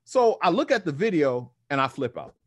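Animated, lively male storyteller. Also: fairly high pitch, moderate pace, dry recording. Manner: animated, acts out other voices, casual slang and swearing. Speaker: guest powerlifter. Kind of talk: casual storytelling.

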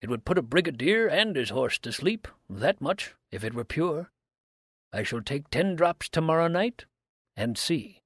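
A man's voice: on the high side, big pitch swings, a little slow, fairly bright tone, slightly rough, no echo, clean studio sound, voice pushed up, heavily acted. A man voicing a wry, unflappable man.

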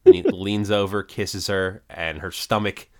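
Deep-voiced man recapping a sitcom episode. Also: steady tone, unhurried, darkish tone. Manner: plot retelling with many fillers. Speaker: podcast co-host. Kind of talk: casual recap chat.

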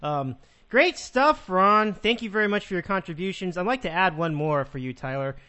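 A man's voice: sits high, lively intonation, quick pace, a bit bright. A man hosting a sports podcast, chatting casually and upbeat with callers, laughing easily.

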